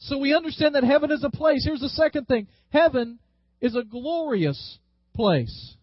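A pastor with a high tenor delivers a sermon, slowing down and stretching his words to drive each point home. The sound is dry and a bit dull, like a modest church recording. He calls on the congregation to repeat lines back to him. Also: lively intonation, dry recording. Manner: leads the congregation in call-and-response; slows down and stretches words for emphasis.

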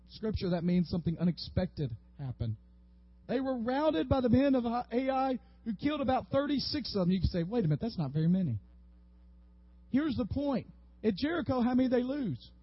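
A man preaching a sermon as a pastor, lively and animated, sometimes acting out the people in the story. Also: very high voice, moderate pace, pauses often, breathy edge, dry recording. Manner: animated, acts out biblical figures with rising voice. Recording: dull, slightly lo-fi audio.

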